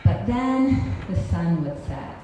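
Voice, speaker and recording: A wry woman performs a live story on stage in a cultural center hall, self-mocking and laughing through her lines. Her voice is on the low side and warm, with big pitch swings and a slow pace, recorded with echo and faint hiss.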